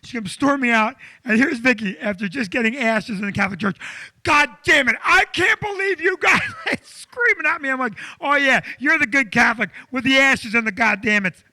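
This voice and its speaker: Casting: high-pitched, sharp-toned male comic storyteller, animated and loud. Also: a little fast, hardly any pauses, no room sound. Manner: animated, loud, acts out quotes. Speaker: comedian co-host.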